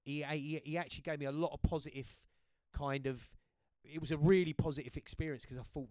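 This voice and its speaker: A British man in his fifties tells stories with lively energy, often checking in with "right?" His voice sits a little high for a man. The recording is close and dry, with no room sound. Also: a little fast, no echo. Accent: British English. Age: 50s. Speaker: guest, host's father. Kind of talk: casual podcast chat.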